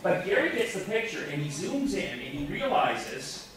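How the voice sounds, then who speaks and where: Lively male host in an echoey room. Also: sits high, normal speed, distant mic, a crowd in the background. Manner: lively storyteller, acts out the people in his story. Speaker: convention panel host. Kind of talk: animated anecdote to a live audience. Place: convention panel room.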